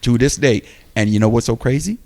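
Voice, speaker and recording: On a podcast he co-hosts, a man tells a story casually and with lots of animation, acting out what people said. His voice sits in the mid range and moves a little fast.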